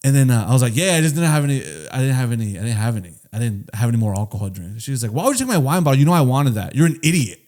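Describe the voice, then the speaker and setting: A man's voice: medium pitch, lively intonation, very fast, few pauses, darkish tone. A young man co-hosting a podcast, rambling through a party story with swearing and lots of "right?". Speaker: podcast co-host. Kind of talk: casual storytelling chat.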